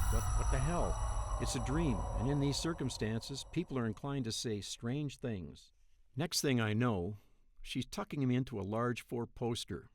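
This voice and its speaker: A man in his thirties narrating a first-person dream story in a wry, profane, deadpan way. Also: mid-range voice, dry recording, studio quality. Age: 30s.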